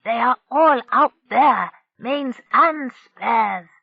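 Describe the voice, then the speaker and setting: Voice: mid-range voice, very animated, takes it slowly, husky, no echo, muffled recording, voice pushed up, full character voice. The narrator voicing a fretful, querulous old male alien shipbuilder in an audiobook. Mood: anxious. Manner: querulous, complaining. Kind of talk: audiobook character voice.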